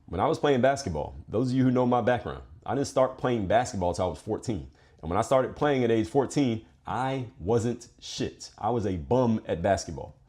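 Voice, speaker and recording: A man's voice: on the low side, lively intonation, mellow. A man from Philadelphia hosting a podcast, giving a blunt, profane motivational monologue. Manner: profane, direct, fast-talking. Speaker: podcast host.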